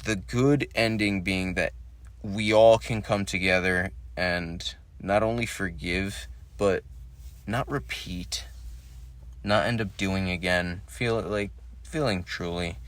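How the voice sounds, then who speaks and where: A man's voice: fairly low pitch, fairly bright tone, no echo. A man hosting a solo podcast, talking in a rambling monologue that searches for words and swears casually. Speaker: podcast host.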